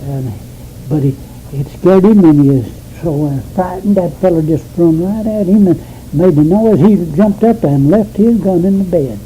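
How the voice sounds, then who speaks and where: An older man with a thick drawl spins a rambling, folksy yarn. His voice sits a touch high but sounds dark and mellow, with a faint tape hiss behind it. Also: moderate pace, highs cut off. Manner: rambling, folksy, laughs as he tells it. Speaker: interviewee. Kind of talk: storytelling.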